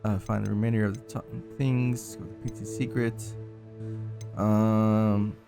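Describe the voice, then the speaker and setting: Brief: male streamer, let's-play commentary, gravelly, lowish, game music under voice. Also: little pitch movement, measured pace. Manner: laid-back, thinking aloud. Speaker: gaming streamer.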